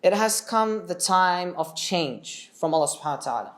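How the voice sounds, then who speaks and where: Casual, animated male religious storyteller; chats with the audience as he goes. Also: high voice, moderate pace. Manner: animated, chatty, asks the audience questions.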